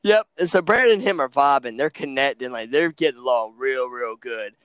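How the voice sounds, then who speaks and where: A man's voice: mid-range voice, a little fast, a bit bright, clear, resonant tone, no echo. A young man, a podcast guest, chatting casually and poking fun at himself while he recalls shared memories. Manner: easygoing, self-mocking storyteller. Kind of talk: casual chat.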